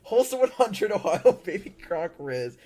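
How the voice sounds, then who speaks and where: Man doing an excitable nerdy young guy, gushing, swooping pitch. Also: normal speed.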